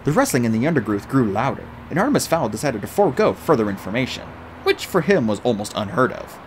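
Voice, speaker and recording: A man reading a novel aloud as an audiobook narrator, with an animated, expressive delivery. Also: mid-range voice, fast, few pauses, slight background noise.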